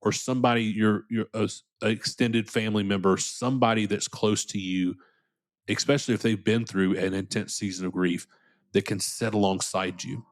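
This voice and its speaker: Earnest low-voiced man, podcast guest. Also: steady tone, moderate pace. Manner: earnest, repeats words when starting sentences. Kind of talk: candid conversational interview.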